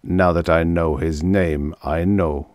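A cautious Russian scientist with a thick accent, as a man reads him in an audiobook. He speaks slowly and in a measured, guarded way, with a deep, low voice. The sound is dry and close. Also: fairly even intonation, darkish tone, no echo.

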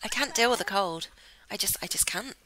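A woman chatting excitably through Let's Play commentary, giggling often. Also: mid-range voice, a little fast, rough recording. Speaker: gamer host.

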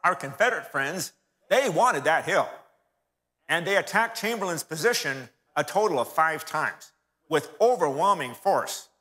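Bright-voiced man in a reverberant church. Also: fairly high pitch, expressive, a little slow. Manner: storytelling, addresses audience as folks. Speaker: church speaker. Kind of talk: history talk from the pulpit. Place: church hall.

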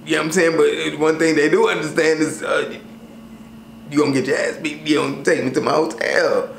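A man vlogs about travel in a loose, slangy, animated way. His voice sits a little high. The sound is roomy, with a faint hum of ambience behind him. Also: fairly quick, gravelly. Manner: loose, slangy, animated storytelling with many fillers. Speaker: travel vlogger. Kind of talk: casual chat to camera.

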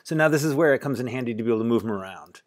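A man's voice: mid-range voice, animated, very fast. A man walking through a coding tutorial in a casual, think-aloud way with some fillers. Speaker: teacher. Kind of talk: screen-recorded coding tutorial.

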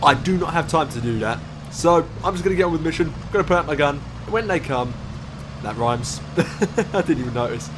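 A man's voice: fairly high pitch, animated, brisk, a bit bright, a little hiss or hum. A sleep-deprived man giving rambling, swearing, self-mocking gameplay commentary. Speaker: let's play gamer. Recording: clear background music.

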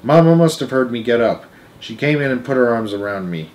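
A man's voice: mid-range voice, animated, a little fast, a little mellow, rough recording. Earnest man reading a chapter book aloud. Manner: earnest, emotional, occasional restarts. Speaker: storyteller.

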